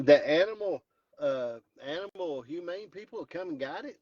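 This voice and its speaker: Filming himself in his truck on the drive home, a male vlog host jokingly spins an exaggerated, mock-dramatic story in a Southern Appalachian accent. His voice is a little high, animated, a little mellow and moderately paced, and the audio's highs are cut off.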